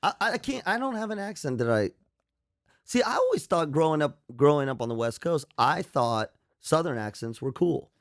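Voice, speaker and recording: A man's voice: on the high side, sing-song, moderate pace, no room sound, studio quality. A man co-hosting a radio show, chatty and full of questions, rambling in casual banter.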